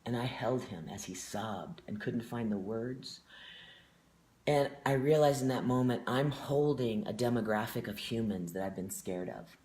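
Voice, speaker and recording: A man's voice: mid-range voice, moderate pace, darkish tone. Heartfelt, earnest male theatre guest. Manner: heartfelt, earnest, emotionally open. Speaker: guest performer. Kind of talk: storytelling in an interview.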